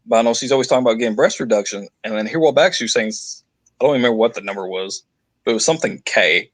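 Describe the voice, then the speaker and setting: A man's voice: mid-range voice, racing, dry recording, low-quality recording. A man telling a family story in casual chat, rambling and loose, swearing casually.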